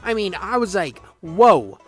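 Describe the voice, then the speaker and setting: Excitable young man, high lively voice. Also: moderate pace, soft background music. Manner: excitable, crude slang-heavy rambling. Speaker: game reviewer. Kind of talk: casual game retrospective commentary.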